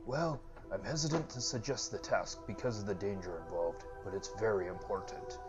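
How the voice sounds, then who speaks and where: Brief: formal old-world game priest, lowish voice, game music under it , a man puts him on. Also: normal speed, dull audio, close to an everyday voice. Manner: archaic formal storytelling delivery. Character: formal gracious male temple priest.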